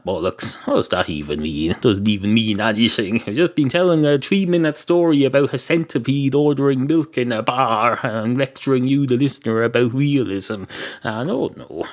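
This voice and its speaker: A man hosting a podcast in a rambling, absurd comic monologue, full of filler and casual swearing. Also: medium pitch. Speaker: podcast host.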